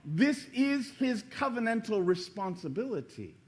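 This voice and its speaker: A man preaching a sermon as pastor in church, telling a story with lively acted-out voices. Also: high voice, measured pace. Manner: animated storytelling, acting out quoted voices.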